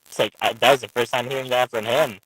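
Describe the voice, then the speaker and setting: A man's voice: medium pitch, fairly even intonation, fast talker, fairly bright tone, husky, low-quality recording. A man calling in to a live stream, rambling with lots of uhs and restarts. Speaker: caller on the stream. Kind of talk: casual chat.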